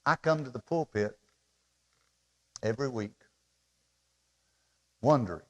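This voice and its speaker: Preaching with emotion, a middle-aged pastor pleads with his listeners, his loud appeals giving way at times to quiet asides. He speaks slowly in a mid-range voice.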